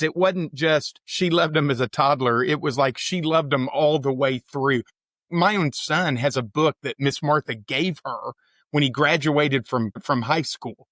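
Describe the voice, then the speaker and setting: A man's voice: fairly high pitch, a bit bright, dry recording, studio quality. Earnest man pastor hosting. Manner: stumbling starts, earnest asides to listeners. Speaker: pastor hosting a church podcast. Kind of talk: conversational interview hosting.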